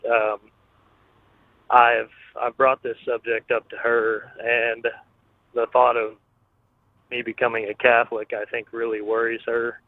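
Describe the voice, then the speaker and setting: A man's voice: medium pitch, completely flat delivery, unhurried, long pauses, no room sound. A man calling into a radio show, speaking hesitantly and searching for his words. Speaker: caller. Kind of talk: phone-in question. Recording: tinny phone line.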